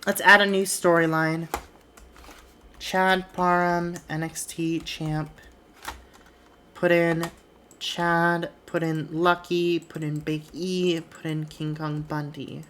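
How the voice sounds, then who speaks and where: A woman's voice: sits low, little pitch movement, takes it slowly, fairly bright tone, a little hiss or hum. A woman streamer chatting casually while she plays a wrestling booking game, swearing offhandedly.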